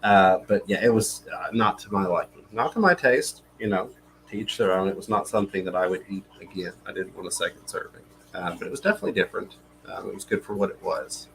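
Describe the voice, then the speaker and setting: Low-voiced relaxed man chatting on a livestream. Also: fast talker, gravelly, a little hiss or hum, rough recording. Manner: relaxed, reads viewer comments aloud, many fillers. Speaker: livestream co-host. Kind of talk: casual live-stream chat.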